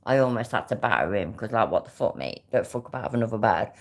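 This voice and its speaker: A woman's voice: rumbling low, expressive, fast talker. A woman with a British accent giving sarcastic, sweary casual reaction commentary. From Britain. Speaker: reaction vlogger.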